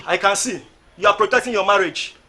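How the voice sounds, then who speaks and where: Exasperated husband, Nigerian accent, very high, bright lively voice, faint music behind. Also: male voice, fairly quick, full character voice. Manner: calming, pleading, exasperated. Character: patient exasperated husband, middle-aged man. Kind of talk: Nollywood film acting.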